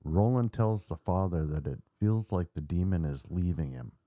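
A man hosting a podcast, narrating a dark story with theatrical suspense and casual asides. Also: deep voice, moderate pace, no room sound, studio quality. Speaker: podcast host.

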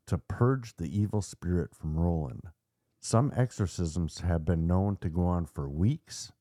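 A man hosting a podcast, narrating a dark story with theatrical suspense and casual asides. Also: deep voice, unhurried, dry recording, clean studio sound. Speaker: podcast host.

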